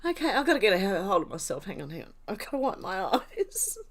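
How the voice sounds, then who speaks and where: An older Australian woman runs a casual livestream and goes through the chat, overcome by tearful, helpless laughter with snorts and breathless giggles. She talks quickly in a sing-song, mid-range voice.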